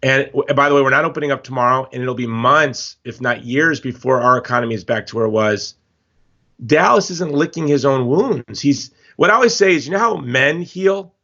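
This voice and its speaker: A man's voice: mid-range voice, brisk, sharp tone, dull audio. A man speaking as a guest in a podcast interview, telling stories with passion and emphatic repetition. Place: Hawaii.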